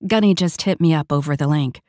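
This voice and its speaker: A woman's voice: sits low, a little fast, mellow, no echo, clean studio sound, lightly acted. Woman doing a brash cocky mech squad leader. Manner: brash, swaggering, crude banter.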